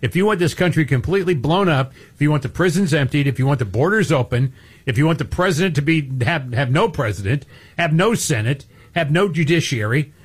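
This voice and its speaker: A man's voice: on the high side, lively intonation, fairly quick, breathy edge. A man co-hosting a talk show, giving blunt, emphatic opinions with folksy turns of phrase. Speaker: co-host. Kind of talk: opinionated talk radio chat.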